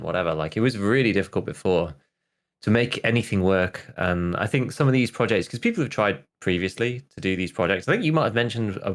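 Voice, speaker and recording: A man co-hosting a podcast in casual chat, agreeable and eager. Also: fairly low pitch.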